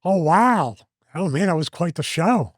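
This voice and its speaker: Animated man telling a story. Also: high-pitched, unhurried, dry recording, studio quality. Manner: animated, acts out quoted lines. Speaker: host, former wrestler. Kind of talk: casual storytelling.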